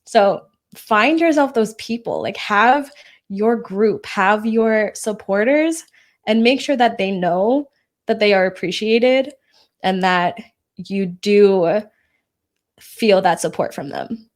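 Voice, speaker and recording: A woman's voice: medium pitch, expressive, slow. A young adult woman co-hosting a casual podcast, her voice sitting in an ordinary middle register. She talks candidly and encouragingly about her own experience, with a light teasing edge toward her partner. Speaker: podcast co-host.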